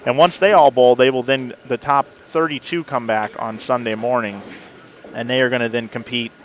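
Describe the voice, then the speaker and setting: Chatty male play-by-play caller for a bowling broadcast, mid-pitched, self-correcting, talks straight to viewers. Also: steady tone, moderate pace, a little hiss or hum. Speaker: bowling commentator. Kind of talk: live play-by-play sports commentary. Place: bowling center.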